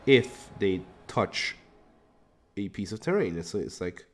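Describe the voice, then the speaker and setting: A man's voice: on the low side, very animated, slow pace. A Hungarian man chatting casually on a live stream while painting, thinking aloud, muttering to himself and swearing now and then.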